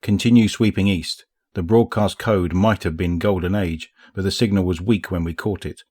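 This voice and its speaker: A man's voice: low-pitched, steady tone, moderate pace, darkish tone, slightly rough. A man voicing a weary warrior who speaks bluntly and tersely.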